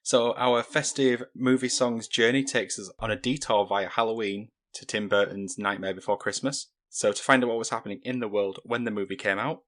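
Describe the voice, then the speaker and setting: A low-voiced man who talks fast. He leads segments on a podcast in a playful way and keeps the chat moving. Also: steady tone, fairly bright tone. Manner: playful, quick-talking presenter. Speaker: podcast co-host. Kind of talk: casual chat.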